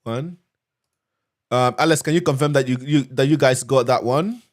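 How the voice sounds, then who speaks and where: A man's voice: medium pitch, normal speed. A man hosting a live screen-share tutorial on cybersecurity, chatty and upbeat, talking straight to his viewers. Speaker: cybersecurity instructor hosting a live learning session.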